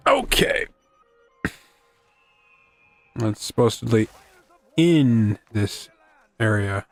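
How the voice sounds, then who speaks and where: A man's voice: mid-range voice, wildly swooping pitch, takes it slowly, gravelly, fairly bright tone, dry recording, soft background music. A man casually commenting as he plays a video game, rambling and cracking self-deprecating quips. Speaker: gaming video host.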